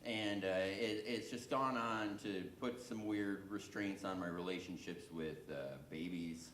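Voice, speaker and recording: A man's voice: sits low, fairly even intonation, a little slow, noisy background. A man doing a stand-up comedy set on a club stage, self-deprecating and chatting with the crowd. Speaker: stand-up comic. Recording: echoey club room with faint background ambience.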